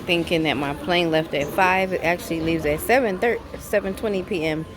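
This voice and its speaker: A woman with a low voice records a casual travel vlog in an airport, talking to her audience in a chatty, expressive way. Loud airport noise sits clearly behind her voice. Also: brisk. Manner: chatty, expressive, venting frustration. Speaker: travel vlogger. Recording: noisy airport ambience.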